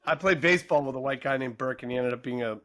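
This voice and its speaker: A man's voice: medium pitch, very fast, no room sound, clean studio sound. A man hosting a podcast, telling a story in casual chat and acting out the people in it. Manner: animated anecdote teller, mimics voices in quotes. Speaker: podcast host.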